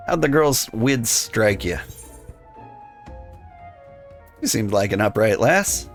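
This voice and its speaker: A man voicing a sly male rogue, talking in rough thieves' slang. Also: medium pitch. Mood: suspicious. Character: gruff male rogue guild member, sly and streetwise. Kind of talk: reading game dialogue aloud.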